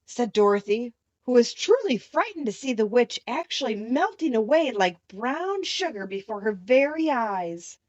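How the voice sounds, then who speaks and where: A woman reading a children's classic aloud as an audiobook narrator, steady and clear. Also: on the high side, a little slow, no room sound. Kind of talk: scripted storybook narration.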